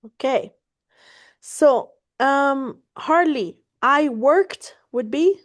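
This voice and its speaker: Her voice is high and animated, and she talks very slowly while teaching Spanish to one student over video. Chatty and encouraging, she switches languages between English and Spanish, laughs a lot, and swears without a second thought.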